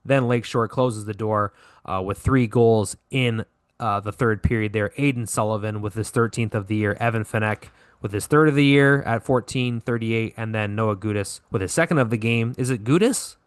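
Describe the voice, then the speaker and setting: A man on a podcast goes over hockey results casually, stumbling into corrections and plenty of fillers as co-host. He has a fairly low pitch and moderate pace, captured in a dry, studio-quality recording.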